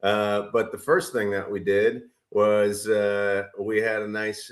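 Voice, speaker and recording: A man's voice: lowish voice, flat delivery, slow pace. A man co-hosting a casual podcast chat, rambling with many fillers and restarts. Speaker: podcast co-host.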